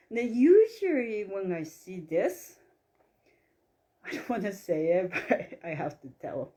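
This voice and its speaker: A woman with telling a story in casual chat, animated and acting out quoted dialogue. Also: medium pitch, measured pace. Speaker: guest, psychic massage healer.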